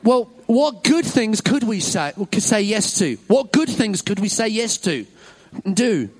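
A man's voice: sits high, big pitch swings, unhurried, darkish tone. A man leading a children's talk in a church service, upbeat and encouraging, praising every answer. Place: church hall with an audience.

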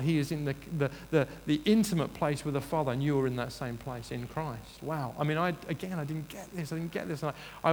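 A man's voice: fairly high pitch, gravelly, darkish tone, a little hiss or hum. A man preaching a sermon in earnest, rising to emphatic bursts and restarting his sentences. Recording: reverberant hall, faint ambience.

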